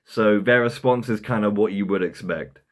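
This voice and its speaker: A man's voice: fairly low pitch, normal speed. A young man giving casual comedic commentary, rambling and chuckling at his own jokes. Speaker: commentary YouTuber.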